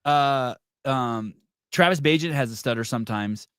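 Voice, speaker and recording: A man's voice: medium pitch, normal speed, a bit bright, smooth, no room sound, clean studio sound. A middle-aged man hosting a podcast, talking bluntly and swearing casually as he jokes. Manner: blunt, profane, joking. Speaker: podcast host. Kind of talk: casual conversation.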